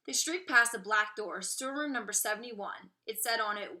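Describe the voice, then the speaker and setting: A woman teacher reading a children's novel aloud to her class with expressive, clear storytelling. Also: a little high, normal speed. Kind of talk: storybook read-aloud narration.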